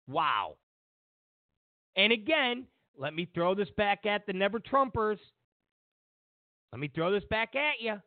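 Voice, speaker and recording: A man's voice: high-pitched, very animated, unhurried, pauses often, dry recording. Sarcastic man ranting on politics. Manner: mocking, sarcastic, repeats lines for emphasis. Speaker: political commentary host. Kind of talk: animated political commentary. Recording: tinny phone-like sound.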